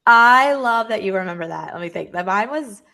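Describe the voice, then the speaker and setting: A woman's voice: mid-range voice, animated, a little fast, creaky, sharp tone. A woman in her forties from New Orleans, a podcast guest talking in an enthusiastic, reflective way with some fillers. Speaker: podcast guest, leadership consultant. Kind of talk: casual chat.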